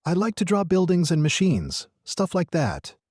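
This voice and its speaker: Guy putting on a shy skinny schoolboy voice, higher and soft, apologetic, storybook read. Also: wildly swooping pitch, moderate pace, no echo, studio quality, exaggerated voice. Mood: timid. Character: shy scrawny poor schoolboy, timid.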